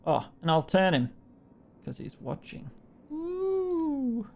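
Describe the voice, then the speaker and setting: A man's voice: on the high side, moderate pace, gravelly. An Australian man narrating as game master in a casual, rambling tabletop session, laughing often.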